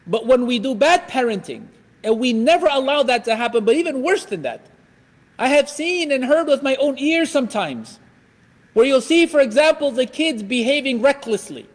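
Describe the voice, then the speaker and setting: A man giving a religious lecture in an animated way, acting out everyday scenes. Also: extremely high pitch, normal speed. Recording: echoey hall.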